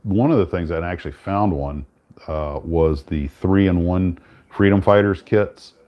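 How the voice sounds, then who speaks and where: Host, male, very low voice, easygoing rambling chat, dull lo-fi sound. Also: measured pace. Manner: relaxed, rambling with many restarts. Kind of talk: casual chat.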